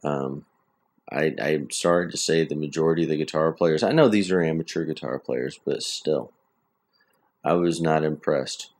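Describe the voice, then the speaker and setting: A man's voice: a bass voice, normal speed. A man hosting his own podcast from home, talking in a chatty, plainspoken, rambling way. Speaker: podcast host. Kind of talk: casual solo podcast talk.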